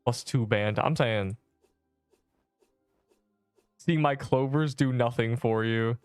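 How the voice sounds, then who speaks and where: A man's voice: mid-range voice, slow pace, smooth, no echo, faint music behind. A young man chatting casually while streaming a game, joking with viewers and breaking into mock-dramatic outbursts. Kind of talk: casual livestream chat while gaming.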